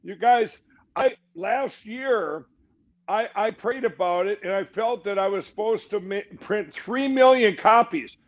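A middle-aged man appears as a talk show guest, his voice sitting high and moving a little slowly. He rambles emphatically in fast interview talk, often restarting his sentences, and the audio is dull and lo-fi.

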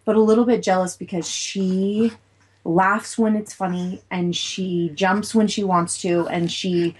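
A woman's voice: mid-range voice, steady tone, unhurried, slightly rough. A woman in her thirties, co-hosting a casual talk show and speaking in a reflective way. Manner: reflective, soft-spoken musing. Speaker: co-host. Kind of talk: casual chat.

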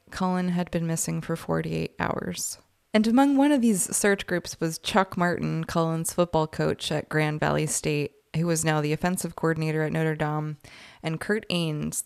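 A woman with a deep, gravelly but smooth voice tells a true-crime case to her co-hosts. She talks in a loose, chatty way, often saying "like". The sound is dry and close. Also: dry recording. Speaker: podcast co-host. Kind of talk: casual true-crime storytelling.

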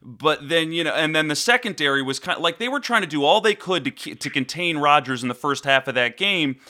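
A man hosting a casual sports discussion, excitable and swearing, steering the conversation between guests. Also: a little high, a little fast. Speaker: podcast host.

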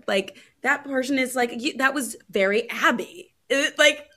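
A woman podcast host chatting with a guest, enthusiastic and quick to laugh. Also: high voice, pushed and bright. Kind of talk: casual interview chat.

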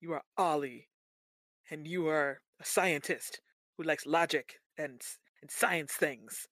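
A woman putting on the voice of an aloof male alien leader who makes flat, declarative pronouncements. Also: a little high, unhurried, dry recording, clean studio sound, voice pushed down. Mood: matter-of-fact.

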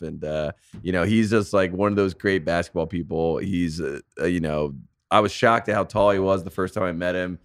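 Man, very low pitch, dry close mic, sports radio co-host losing his voice, easygoing and quick to laugh. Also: clear, resonant tone, no room sound. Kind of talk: casual sports talk.

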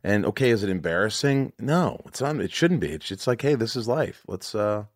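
A man's voice: lowish voice, lively intonation, brisk, no room sound. A man hosting a podcast in casual chat, talking earnestly and profanely with many restarts, on a studio mic. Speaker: podcast host.

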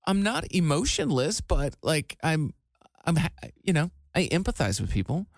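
A man in his forties hosting a radio show, telling stories in a relaxed, rambling way with lots of "like" and a dry studio sound. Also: on the high side, moderate pace, dry recording. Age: 40s. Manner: storytelling, laid-back with frequent likes. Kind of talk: casual chat. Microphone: studio microphone.

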